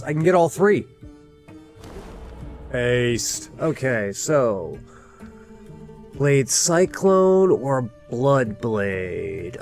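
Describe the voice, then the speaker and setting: A man's voice: mid-range voice, darkish tone. A man casually commentating his own gameplay, thinking aloud with plenty of fillers and restarts. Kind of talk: casual let's-play commentary.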